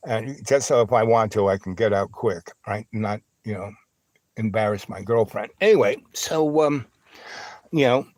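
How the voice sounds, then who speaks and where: A man hosting a livestream, telling a long rambling anecdote full of fillers and asides, now and then squealing in a high voice for the people in his story. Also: no echo. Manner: acts out other voices with big high squeals. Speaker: livestream host.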